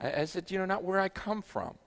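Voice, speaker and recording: A man preaching a sermon, telling a story with many restarts and moving from hushed, low passages to loud, excited ones. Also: brisk, creaky. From United States. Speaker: pastor.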